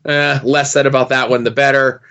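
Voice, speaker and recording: A man's voice: mid-range voice, flat delivery, fairly quick, pushed and bright. A man hosts a podcast in casual conversation, dropping wry, joking asides as he goes. His voice sits in a middle register, and the audio is a little dull and lo-fi. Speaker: podcast host. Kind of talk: casual chat.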